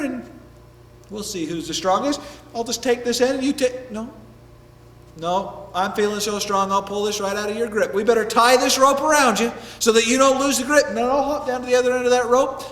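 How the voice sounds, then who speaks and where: A man's voice: extremely high pitch, a bit bright. A man voicing a sly little male rabbit trickster in a storybook tale. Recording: echoey hall, mic at a distance.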